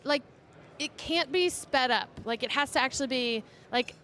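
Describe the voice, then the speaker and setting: A woman's voice: sits high, normal speed, a bit bright, a little hiss or hum. A woman hosting a live stream, asking a guest curious questions. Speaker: host. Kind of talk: casual interview.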